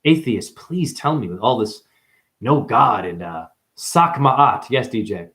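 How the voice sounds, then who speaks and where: A man's voice: mid-range voice, unhurried. A man delivering a rambling, profane spiritual monologue to viewers, calling them "honey.". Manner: animated, profane, calls listeners "honey". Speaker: video monologue host.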